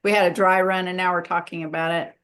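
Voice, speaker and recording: A woman co-hosting a casual conversation, warmly affirming and enthusiastic as she listens. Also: fairly low pitch, flat delivery, quick pace, smooth. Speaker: co-host.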